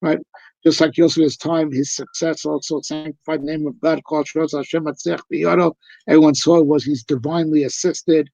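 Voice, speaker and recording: A man's voice: on the high side, little pitch movement, fairly quick, creaky, darkish tone, no echo. A male rabbi giving a live, conversational discourse on Torah, emphatic and full of rhetorical questions. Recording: dull lo-fi recording.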